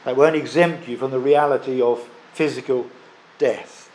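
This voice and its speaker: A man preaching a sermon, emphatic, stressing and repeating key phrases with pauses. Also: mid-range voice, steady tone, darkish tone.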